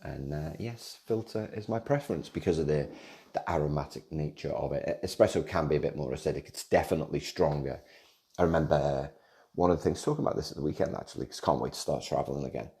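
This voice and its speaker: A man with an extremely deep, dark, mellow voice hosts a casual solo podcast. He rambles, restarts and repeats words, dropping in self-deprecating jokes along the way. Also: fast, vocal fry. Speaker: podcast host.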